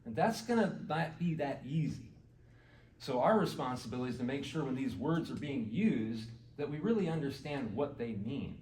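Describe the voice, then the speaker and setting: This garden club speaker and author has a medium-pitched, darkish voice that is animated at a normal speed. He lectures casually and conversationally to an audience in a meeting hall, quizzing them and frequently saying "you know," in an echoey recording made from far off.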